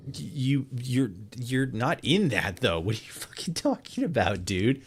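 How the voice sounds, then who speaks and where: A young male streamer talks through his game in a loose, casual way. He swears freely, laughs often and thinks out loud while deciding. His voice sits in a middle pitch. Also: very animated, moderate pace, hardly any pauses. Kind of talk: casual gameplay commentary.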